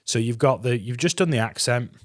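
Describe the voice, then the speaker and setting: Chatty guitar teacher, dry sound. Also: male voice, medium pitch, fairly quick, dry recording. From England. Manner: chatty, encouraging, counts beats aloud. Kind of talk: guitar lesson walkthrough. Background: guitar playing.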